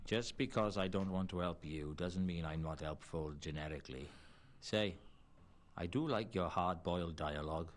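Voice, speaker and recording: Surly Welsh half-elf bartender, played by a man, gruff, very deep, evasive. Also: moderate pace, natural voice. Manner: curt and evasive. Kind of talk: video game voice acting.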